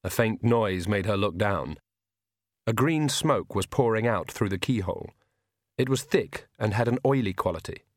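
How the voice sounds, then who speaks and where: A man with a measured, wry delivery narrating an audiobook on a close mic. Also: fairly low pitch, no room sound. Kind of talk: scripted narration.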